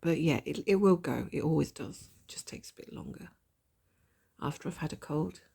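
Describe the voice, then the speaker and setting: A woman with a gravelly voice and a blocked nose from a cold, chatting casually and thinking aloud while she stitches, with a self-deprecating manner. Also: low-pitched, normal speed, dark tone. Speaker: cross-stitch vlogger. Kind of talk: casual stitch-along chat.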